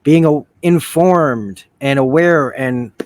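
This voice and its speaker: A man's voice: a little high, takes it slowly, darkish tone, slight background noise. A man hosting a casual review, thinking aloud with many restarts and frequent swearing. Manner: rambling, profane, with self-correcting restarts. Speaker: video essay host.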